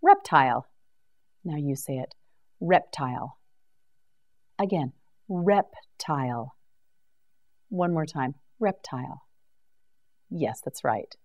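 A woman teaching English vocabulary in a slow scripted drill, enunciating each word clearly and patiently. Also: low-pitched, lively intonation, warm tone.

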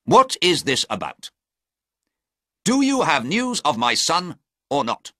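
A man's voice: a little high, very animated, unhurried, pushed and bright, no room sound, studio quality, pitched above the performer's own voice, full character voice. A man reading a storybook, voicing a tired, proud older nobleman who sounds strained and pleading.

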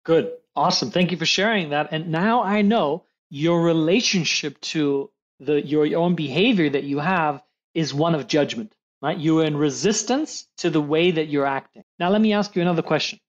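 A man speaking as a high-performance coach in a gentle coaching conversation. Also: moderate pace, highs cut off. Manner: gentle, acts out quoted voices.

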